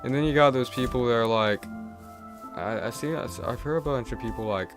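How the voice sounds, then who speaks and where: Chatting loosely while streaming a game, this young man talks a little fast in a medium-pitched voice, stumbling through restarts and filler words. Game music is plainly audible in the background.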